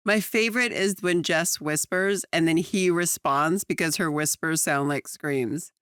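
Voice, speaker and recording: A woman co-hosting a podcast in casual chat, animated, laughing often and acting out her stories. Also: fairly low pitch, measured pace, clear, resonant tone, no room sound, clean studio sound. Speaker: podcast co-host. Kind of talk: casual chat recapping a sitcom episode.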